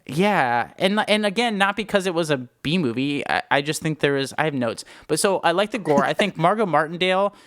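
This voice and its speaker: A young man with a slightly high voice talks movies in a chatty, opinionated way and laughs easily. The sound is close and dry, with almost no room around him. He calls himself a film snob and sounds like one. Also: animated, brisk, hardly any pauses, a bit bright, no room sound. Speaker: podcast co-host. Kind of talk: casual movie chat.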